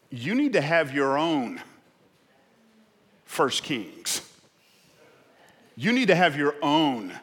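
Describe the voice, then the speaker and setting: A male pastor preaching a sermon, impassioned and quick to stumble over his words as he pushes ahead. His voice is bright and forceful, and it carries a long reverb tail from the church hall. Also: medium pitch. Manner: impassioned, with stammered restarts.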